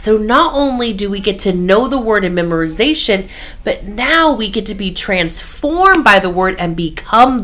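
An earnest woman hosting a devotional podcast, preaching in an emphatic, heartfelt way. She talks at a slow, unhurried pace. Her pitch sits in an ordinary middle range. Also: fairly bright tone. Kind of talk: faith talk.

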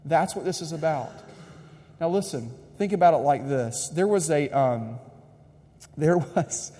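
A man's voice: fairly high pitch, lively intonation, a little slow, warm tone. A man preaching a sermon, emphatic and direct, repeating his key lines to the congregation. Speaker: pastor. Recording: long hall reverb.

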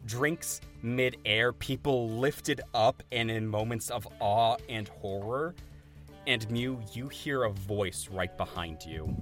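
Male game master, slow delivery with fillers, faint music behind. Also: mid-range voice, fairly bright tone. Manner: slow, halting, many fillers. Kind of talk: narrating a tabletop game.

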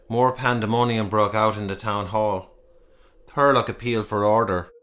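A man reading a dark fairy tale aloud in a measured, dramatic storytelling style, with music behind him. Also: fairly low pitch, steady tone. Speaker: narrator. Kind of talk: storytelling narration.

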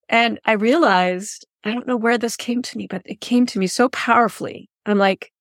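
A woman's voice: a little high, moderate pace, few pauses, dry recording, studio quality. A woman hosting an interview podcast, chatting in an earnest, effusive way and thinking aloud as she goes. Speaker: podcast host. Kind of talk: reflective interview chat.

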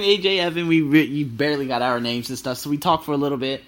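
A thirty-year-old man, a travel vlogger, telling stories casually and excitably, swearing freely. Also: a little high, fast. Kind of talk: casual storytelling.

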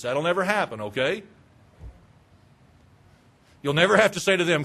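A man's voice: on the high side, animated, normal speed, pauses often, pushed and bright. A man, a pastor, preaching a sermon in a conversational way, asking rhetorical questions and mimicking indifferent churchgoers.

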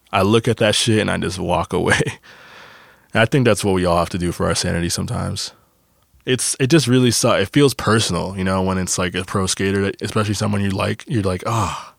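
A young man hosts his podcast in a casual, rambling monologue, swearing freely and circling back through fillers. His voice sits low with a gravelly fry. The sound is dry and close, with no room around it. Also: no echo. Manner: rambling, profane, frequent fillers. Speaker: podcast host.

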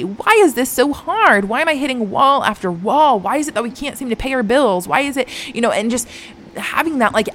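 A woman's voice: a little high, fairly bright tone. A young woman talking candidly to her viewers as a Christian mom vlogger, earnest and confiding, with lots of filler words. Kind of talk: candid personal talk to camera.

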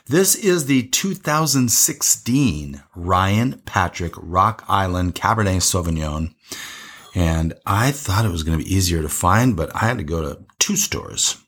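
A man's voice: sits low, a bit bright. A man co-hosting a casual wine tasting show, chatty and rambling, laughing often.

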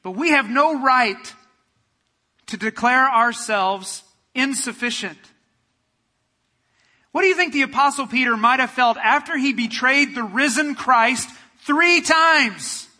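Bright-voiced, high-pitched preacher man. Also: slow pace, pauses often, long reverb tail. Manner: preaching with rising fervor, then quiet prayer. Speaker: pastor. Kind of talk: sermon.

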